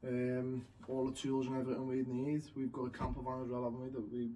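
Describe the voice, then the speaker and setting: A man's voice: mid-range voice, monotone, fast talker, dark tone. A man chatting casually, rambling through anecdotes about getting a boat. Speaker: co-host. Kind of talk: casual chat. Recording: distant mic with faint noise.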